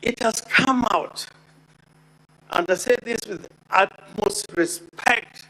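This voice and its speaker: A man making a formal legal argument before the Senate as counsel, deliberate and emphatic, repeating key words for weight. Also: high voice, pushed and bright, poor audio. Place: Senate chamber.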